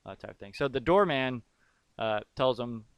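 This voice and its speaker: A man with a smooth, resonant voice, talking loosely and jokingly as he recaps a film scene by scene. The sound is dry and close, with no room around him. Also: mid-range voice, lively intonation, a little slow, no room sound. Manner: rambling, jokey, recaps scenes with lots of fillers. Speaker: podcast co-host. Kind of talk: casual movie-recap chat.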